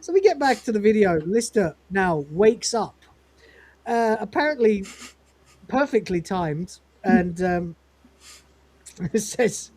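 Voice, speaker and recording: A woman's voice: mid-range voice, very animated, slow pace, long pauses, dark tone. A woman co-hosting a casual review chat who retells scenes, quoting the lines in character and laughing often. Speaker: podcast co-host reviewing episodes.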